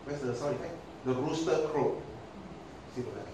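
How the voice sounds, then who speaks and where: A man preaching a sermon, animated and dramatic, acting out scenes and laughing often. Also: mid-range voice, moderate pace. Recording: echoey hall, distant mic, ambient noise.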